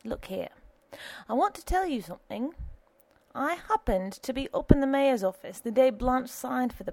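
A woman's voice: fairly high pitch, a little mellow, dry recording, pitched above the performer's own voice, heavily acted. A woman voicing a middle-aged male alderman who talks in a folksy, plain-spoken way.

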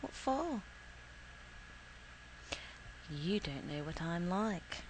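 Woman reading as a brooding young soldier, terse, hushed, very slow. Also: fairly low pitch, very animated, background noise, full character voice.

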